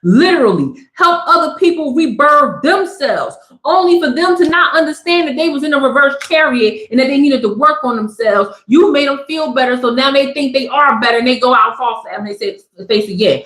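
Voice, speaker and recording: A woman's voice: high voice, lively intonation, moderate pace, few pauses. Slangy, preachy woman tarot reader, echoey room. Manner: loud, slangy, preachy and joking. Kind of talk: live tarot reading. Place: Southern California.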